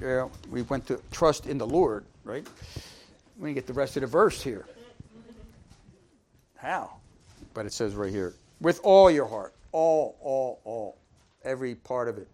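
A man of medium pitch preaches conversationally and folksily, putting questions to the congregation and shifting between forceful lines and hushed asides. There's a little hiss or hum on the recording.

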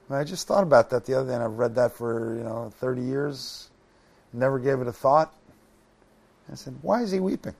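A man's voice: medium pitch, gravelly. A man giving a Bible study sermon, reading scripture aloud and breaking off with folksy asides. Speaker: preacher.

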